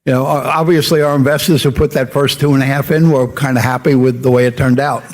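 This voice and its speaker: Older male guest storyteller, mid-pitched, animated anecdotes with voiced-out quotes. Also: quick pace. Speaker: media entrepreneur guest. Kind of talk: fireside chat storytelling. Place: stage before a live audience.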